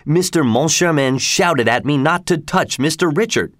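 A man's voice: a little high, animated, moderate pace, fairly bright tone, no echo, clean studio sound, voice pushed up. A man voicing an agitated, accusing theater secretary. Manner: insistent, accusing questions.

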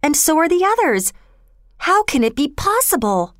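Woman putting on young storybook girl, high pitch, eager, smooth, dry sound. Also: animated, unhurried, no echo. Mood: excited.

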